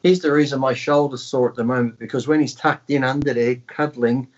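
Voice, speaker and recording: A man's voice: medium pitch, brisk, highs cut off. A man chatting casually on a video call, swearing freely and telling stories in acted voices. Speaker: podcast guest. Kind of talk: casual chat. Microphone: home mic on a video call.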